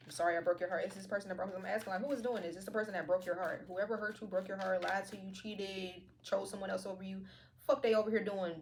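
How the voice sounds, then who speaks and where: Woman tarot reader, casual, cussing and joking, talks fast. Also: medium pitch, steady tone, a little mellow, slight background noise. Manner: slangy, profane, playful. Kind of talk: casual tarot reading to viewers.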